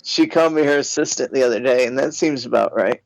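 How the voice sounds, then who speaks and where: A middle-aged man co-hosting a casual podcast, easygoing and halting, laughing often. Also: medium pitch, vocal fry, dry recording, poor audio. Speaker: podcast co-host. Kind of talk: casual comedy podcast banter.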